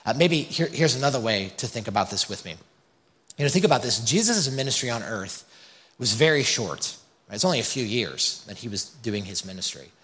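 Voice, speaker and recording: A man's voice: mid-range voice, fairly bright tone. A man preaching a sermon in a conversational way, his voice rising for emphasis. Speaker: pastor.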